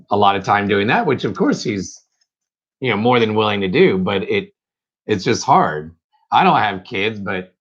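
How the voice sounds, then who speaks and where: A man's voice: lowish voice, a bit bright. A man co-hosting a casual live stream, supportive and a little hesitant. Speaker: co-host. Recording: dull lo-fi stream audio.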